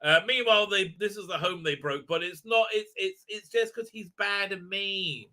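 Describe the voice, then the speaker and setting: Bright-voiced man ranting on a live stream. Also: sits high, normal speed. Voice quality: frequent filler sounds and restarts, heated, indignant. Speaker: show host. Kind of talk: live stream commentary and show recap.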